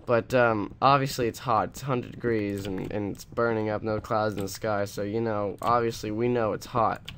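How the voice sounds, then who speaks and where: A young man with a fairly low voice rambles through casual gameplay commentary, slipping into sarcastic rants and frequent restarts. Faint keyboard clicks sit behind his voice. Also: steady tone, moderate pace, few pauses, fairly bright tone, slight background noise. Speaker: let's play host.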